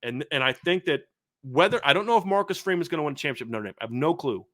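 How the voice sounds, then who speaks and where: A man's voice: a little high, expressive, very fast, a bit bright. A middle-aged man hosting a sports show, delivering a fired-up, emphatic commentary rant with lots of repetition. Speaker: sports podcast host.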